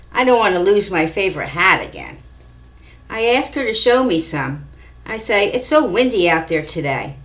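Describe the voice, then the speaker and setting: A woman reading her own mystery story aloud in a calm, measured storytelling manner. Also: mid-range voice. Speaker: author and narrator. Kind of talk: scripted story narration.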